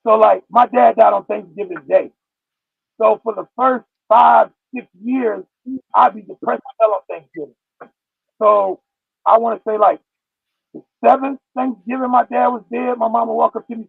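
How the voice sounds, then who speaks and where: Gravelly high-voiced man on a tinny line. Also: steady tone, moderate pace, no room sound. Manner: blunt street talk, acts out voices in stories. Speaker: podcast guest. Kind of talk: casual chat. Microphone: no headphones, sounds like phone or distant mic.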